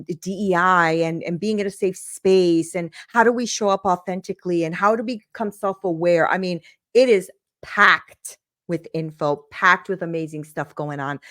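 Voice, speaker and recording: Excited woman podcast host, bubbly, says y'all a lot, pretty dry sound, nothing much in the room. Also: fairly low pitch, no echo. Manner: bubbly, hyped-up, calls listeners "y'all". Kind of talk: upbeat podcast chat.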